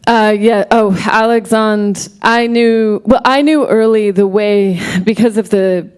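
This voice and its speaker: Halting, excitable woman director on stage. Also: mid-range voice, smooth. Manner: halting, full of restarts and self-corrections; excited, tumbling storytelling. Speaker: film director, guest at a Q&A. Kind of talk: live panel Q&A conversation. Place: stage at a film festival event.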